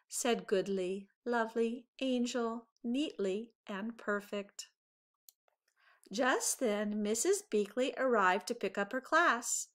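A woman teacher reading a children's picture book aloud in an expressive storytelling voice. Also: a little high, takes it slowly.

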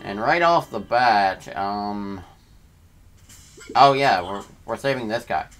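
A man's voice: on the low side, animated, slow pace, a bit bright, faint music behind. A man hosting a let's play, giving casual, slangy gameplay commentary as he thinks aloud.

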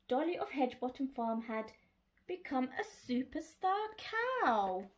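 A woman reading a children's picture book aloud, expressive and speaking to young listeners. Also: high-pitched, slow. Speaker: storyteller.

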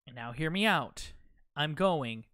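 A man's voice: on the high side, animated, measured pace, pushed and bright. A man chatting through a live gameplay stream, joking at himself and muttering the same phrases over and over. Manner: chatty, self-mocking, repeats phrases under his breath. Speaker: game streamer.

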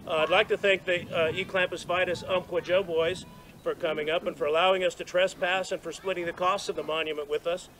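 A man's voice: sits high, steady tone, a little fast, sharp tone, a little hiss or hum, poor audio. A man giving a rambling, self-deprecating story as a speech at an outdoor dedication, with restarts and laughs. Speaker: speaker at monument dedication. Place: outdoors at a gathering.

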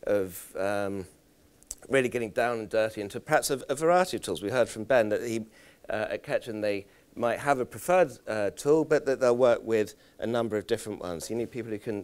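A man leading a conference workshop, talking in a halting way with repeated words and self-deprecating stories. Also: medium pitch, darkish tone, clear, resonant tone. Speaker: workshop presenter. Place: conference room.

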